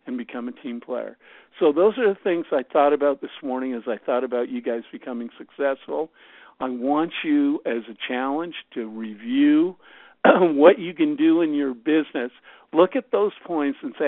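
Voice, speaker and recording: Man, team leader on a call: gravelly voice, rambling pep talk with lots of fillers, dry tinny phone sound. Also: mid-range voice, dry recording. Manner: rambling, full of fillers and restarts. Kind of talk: motivational talk on a conference call.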